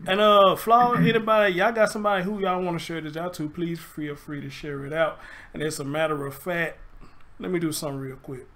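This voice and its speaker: A man's voice: fairly high pitch, steady tone, a little fast, fairly bright tone. A man with a Southern US accent hosting a casual livestream commentary show, chatty and loose, greeting viewers by name. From Southern United States. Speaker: livestream host.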